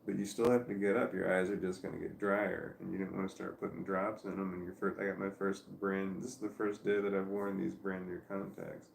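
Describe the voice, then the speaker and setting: A man's voice: deep voice, flat delivery, fairly quick, creaky, few pauses, echoey room, a little hiss or hum. A tired man in a casual vlog, rambling and arguing with himself at home. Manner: talks to himself, argues with himself, laughs and sighs. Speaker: vlogger. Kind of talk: rambling self-talk vlog. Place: at home on a couch with his dog.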